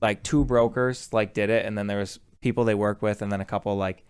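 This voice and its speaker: Animated storytelling man. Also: on the low side, brisk, clean tone. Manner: animated storyteller who acts out quoted people. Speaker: podcast co-host. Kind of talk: casual chat.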